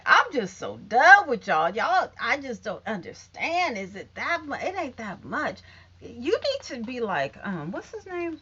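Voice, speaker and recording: Fifty-something lady ranting, high lively voice, swears a lot, muffled lo-fi sound. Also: unhurried, breathy edge. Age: 50s. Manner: blunt, profane, animated and emphatic. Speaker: vlogger. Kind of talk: casual rant to camera.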